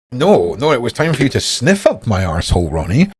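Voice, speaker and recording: A Scottish man narrates a feud on his channel, reading messages aloud and mocking them with sarcasm and swearing. His voice sits at a middling male pitch. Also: wildly swooping pitch, a little fast, breathy edge. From Scotland. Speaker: YouTuber.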